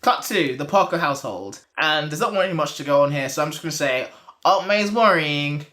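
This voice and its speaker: A man's voice: a little high, lively intonation, brisk, pushed and bright. A man co-hosting a podcast, recapping a cartoon episode in casual chat, joking and swearing. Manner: swearing, joking, acting out quotes. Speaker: podcast co-host.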